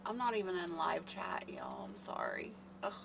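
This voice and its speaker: A woman's voice: on the low side, huge pitch swings, normal speed, gravelly, noisy background. A woman hosting a casual live stream, rambling and chatting with her viewers by name. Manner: chatty, rambling, talks to chat readers by name.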